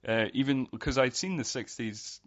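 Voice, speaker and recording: A man's voice: mid-range voice, normal speed. A man who is a podcast guest, talking casually and rambling with many fillers. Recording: dull, lo-fi sound.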